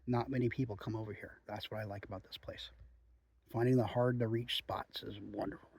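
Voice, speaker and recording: A man chatting in a relaxed, rambling way outdoors in the woods while reviewing a chew. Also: on the low side, a little fast, creaky, husky. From Oregon. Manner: chatty, relaxed, frequent "um" and "you know". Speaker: outdoor vlogger reviewing chewing tobacco. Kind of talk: rambling casual monologue.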